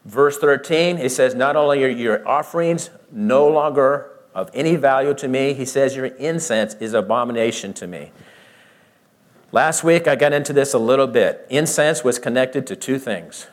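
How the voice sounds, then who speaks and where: A man preaching a verse-by-verse Bible teaching. He explains by asking questions and answering them himself, rising for emphasis and dropping low to explain. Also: normal speed. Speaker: pastor.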